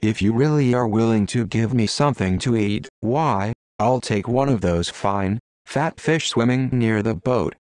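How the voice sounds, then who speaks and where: A man's voice: medium pitch, unhurried, hardly any pauses, a little mellow, dry recording, natural voice. A man voicing a vain, hungry male jackdaw in a storybook, boastful and scornful.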